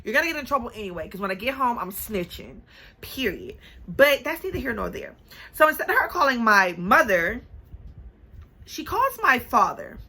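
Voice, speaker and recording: A young woman tells a story straight to the viewer in a sassy, animated way, often calling them baby and honey. Her voice is bright and a little gravelly. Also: a little high, normal speed, low-quality recording. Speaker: vlogger. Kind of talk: casual storytime.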